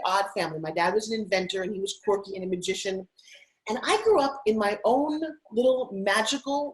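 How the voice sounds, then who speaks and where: A middle-aged woman from Long Island speaks as a guest on an interview show. Her voice sits at an ordinary middle pitch. She talks in an upbeat, persuasive, storytelling way with plenty of animation. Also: rough recording. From Long Island, United States. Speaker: guest, TV host and spokesperson. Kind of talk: motivational interview talk.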